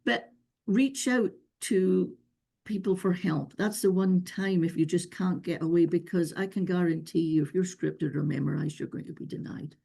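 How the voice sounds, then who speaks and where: Gravelly, husky woman giving earnest advice. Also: fairly low pitch, normal speed, mellow. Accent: non-local accent. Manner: earnest, repetitive, emphatic advice. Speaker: visa expert answering questions. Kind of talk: webinar Q&A advice.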